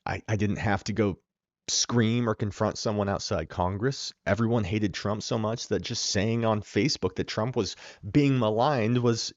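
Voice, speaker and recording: A man's voice: fairly low pitch, no room sound. A man hosting a podcast, delivering a sarcastic, opinionated political monologue with emphatic stresses. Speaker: podcast host. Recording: dull lo-fi dry recording.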